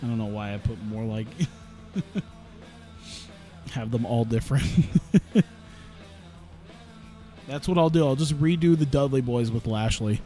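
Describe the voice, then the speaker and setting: A man's voice: medium pitch, unhurried, pauses often, warm tone, faint music behind. A man casually commenting on his own gameplay as a streamer, rambling and cutting himself off, laughing at his own jokes. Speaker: gaming streamer.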